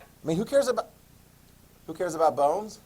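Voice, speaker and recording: A man giving a classroom history lecture, animated and playful, acting out quotes in a classroom. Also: a little high, moderate pace, breathy edge. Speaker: history teacher.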